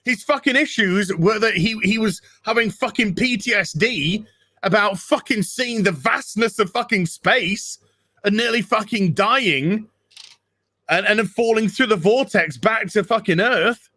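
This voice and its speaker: A man's voice: high-pitched, a little slow, sharp tone, no echo, clean studio sound. A man ranting with heavy swearing as a guest in a casual podcast chat. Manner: profane, ranting.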